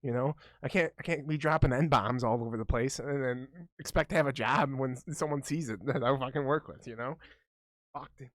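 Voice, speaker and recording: A man's voice: medium pitch, a little fast, fairly bright tone, dry recording. A young man co-hosting a casual podcast, rambling and swearing freely in a boisterous way. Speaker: podcast co-host.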